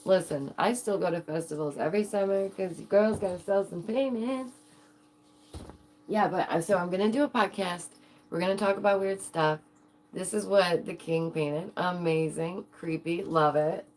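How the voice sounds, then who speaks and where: A woman streamer chatting casually to her viewers, giggling often and talking in an animated way. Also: lowish voice, moderate pace, slight background noise. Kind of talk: casual livestream chat.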